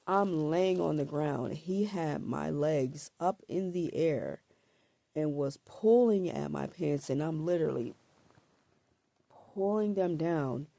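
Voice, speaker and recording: A woman with a gravelly, husky voice and a throat scratchy from allergies tells her own story to camera. She talks slowly and haltingly, repeating words and filling pauses with "like" and "um." Her tone is mellow and dark, and the sound is dry and close. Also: low voice, no room sound. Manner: halting and hesitant, repeats words and fills with 'like' and 'um'.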